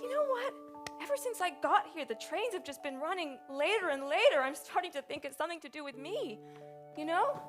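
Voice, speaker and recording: A woman's voice: very high voice, sing-song, brisk, faint music behind. A woman playing a wide-eyed eager girl. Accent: New York. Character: naive cheerful young woman Petunia. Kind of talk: improvised musical comedy.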